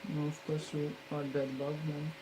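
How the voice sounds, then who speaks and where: A man's voice: fairly high pitch, normal speed. Man muttering and swearing over soldering. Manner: mutters quietly, then erupts into loud profane yelling. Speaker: maker filming his electronics work. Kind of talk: muttered running commentary while soldering. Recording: steady background noise.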